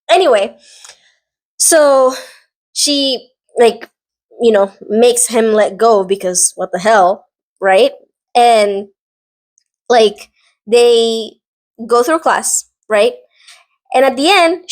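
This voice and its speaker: A woman vlogger casually recapping a drama series, animated and rambling, filling her talk with "like" and side notes. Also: a little high, takes it slowly, pauses often. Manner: animated, rambling, heavy use of "like".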